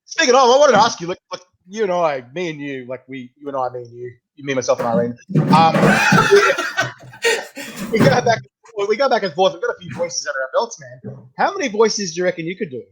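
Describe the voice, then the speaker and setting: A man hosting a casual chat, animated and laughing often. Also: high-pitched, moderate pace, heavy background noise. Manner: animated, laughs a lot, slips into voices. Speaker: host.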